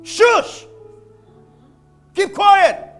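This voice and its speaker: Brief: man playing a savior in command of the storm, high voice, firm and slow. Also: expressive, fairly bright tone, soft background music, full character voice. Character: calm commanding male savior rebuking a storm.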